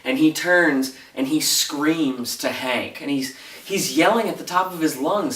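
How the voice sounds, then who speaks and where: A man casually recapping a TV episode as a reviewer, retelling it in an animated, breathless way. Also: fairly high pitch, measured pace, far from the mic, slight background noise. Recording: roomy echo, voice off-mic.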